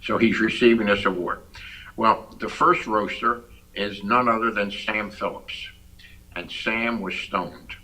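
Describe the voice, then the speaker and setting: A man telling stories as an interview guest, animated and chuckling through his punchlines. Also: on the low side, measured pace, far from the mic, poor audio. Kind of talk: casual anecdote telling.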